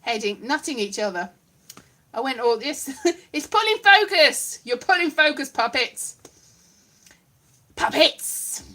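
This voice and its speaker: A woman's voice: high-pitched, lively intonation, normal speed, pushed and bright. A woman at home giving a rambling, giggly comic monologue with puppets, often mocking herself. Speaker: comedian doing a solo online show.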